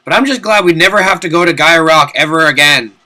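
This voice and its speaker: Young male gamer, bright voice, rambling casual commentary with loud swearing outbursts. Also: a little high, quick pace. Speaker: let's play commentator. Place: home room at his desk.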